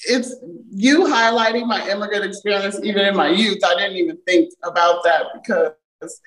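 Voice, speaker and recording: A woman's voice: medium pitch, fairly even intonation, moderate pace, a little hiss or hum. Woman guest from Jamaica, American accent, candid and chatty, roomy echo. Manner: candid, chatty, trails off with fillers. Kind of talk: casual conversation.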